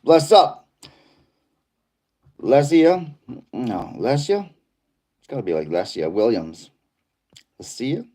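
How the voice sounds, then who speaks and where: A man's voice: mid-range voice, big pitch swings, takes it slowly, long pauses, warm tone. Laid-back Boston man chatting on a livestream. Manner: rambling, laid-back, reads viewer comments aloud. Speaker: livestream host. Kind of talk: casual livestream chat reading comments.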